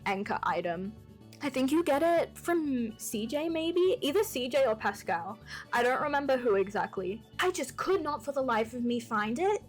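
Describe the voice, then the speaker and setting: A young woman talking through a game build in a chatty, bubbly, self-mocking voice-over from her desk at home. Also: fairly high pitch. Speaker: gaming YouTuber. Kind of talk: casual gameplay voice-over. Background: soft background music.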